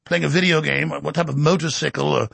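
Middle-aged guy ranting on his talk show, super gravelly and breathy, dead dry sound. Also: a little high, fairly even intonation, a bit bright, dry recording. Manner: fast, heated, mocking rant. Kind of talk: combative political monologue.

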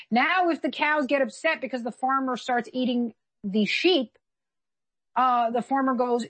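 A woman's voice: sits high, a little slow, a bit bright. A woman co-hosting a political commentary chat, talking in an emphatic, argumentative way. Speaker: co-host.

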